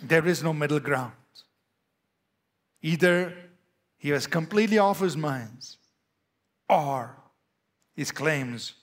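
A pastor with an Indian English accent, preaching a sermon to a church with emphatic, rising and falling delivery. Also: male voice, on the high side, takes it slowly, long pauses.

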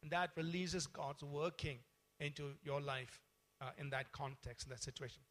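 A man's voice: a little high, moderate pace. A man preaching a Sunday sermon as pastor, explaining scripture and leading his congregation in a spoken declaration. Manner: teaching calmly, then leading a loud congregational declaration.

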